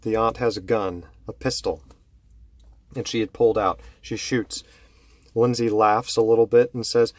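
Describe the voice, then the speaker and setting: A man telling a horror story slowly and dramatically, dropping low and hushed to build tension. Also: fairly even intonation, no echo.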